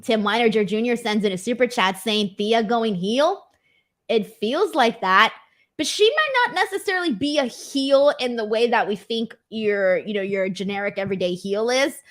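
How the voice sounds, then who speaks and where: A young adult woman hosting a casual live-stream wrestling recap, animated and emphatic, with casual swearing. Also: on the high side, normal speed. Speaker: wrestling show host.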